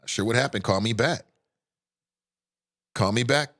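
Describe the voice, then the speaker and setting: Animated American radio host, dry close mic. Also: male voice, medium pitch, normal speed, dry recording. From United States. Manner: animated, joking, turns emotional. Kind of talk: live call-in radio talk.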